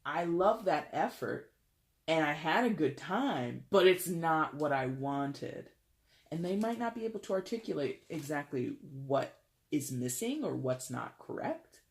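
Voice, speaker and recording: A tarot reader giving a casual, chatty reading, animated and jokey. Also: medium pitch, unhurried, creaky.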